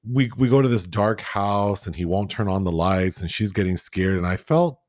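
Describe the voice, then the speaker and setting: Low-voiced man recapping a show. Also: expressive, moderate pace, no echo, clean studio sound. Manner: chatty, laughing, acts out characters' lines. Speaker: film review podcast co-host. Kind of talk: casual recap chat.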